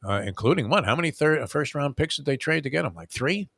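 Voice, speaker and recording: An older man hosts a sports chat from home, sharp and bright in tone, circling back through his stories with fillers and false starts. The sound is close and dry, with no room in it. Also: a little high, lively intonation, fast talker, creaky, dry recording. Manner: rambling storyteller, many fillers and restarts. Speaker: show host. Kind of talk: casual sports talk.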